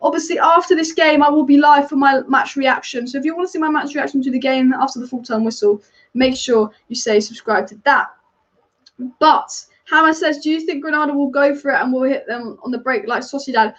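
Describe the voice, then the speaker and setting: High-voiced and rapid-fire, this football fan channel host chats her way through a live watch-along, sharing strong opinions on the match and answering viewer comments. The top end of the audio is cut off.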